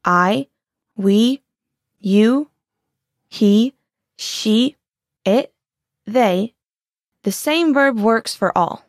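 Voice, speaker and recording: A woman teaching in a scripted language lesson, explaining clearly and patiently. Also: on the high side, drawn-out words, long pauses, dry recording, clean studio sound.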